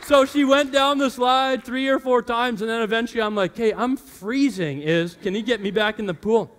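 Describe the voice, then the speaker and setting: A man's voice: very high-pitched, moderate pace, a bit bright, a faint crowd. A man in his thirties, a pastor telling a family story in his sermon and acting out his children's voices.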